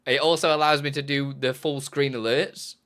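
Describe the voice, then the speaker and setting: A man streaming live, talking in a loose, rambling way and often restarting his sentences. His voice is bright and forward, sitting at an ordinary pitch for a man. He laughs easily between thoughts. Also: fairly even intonation, moderate pace. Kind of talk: casual live-stream chat.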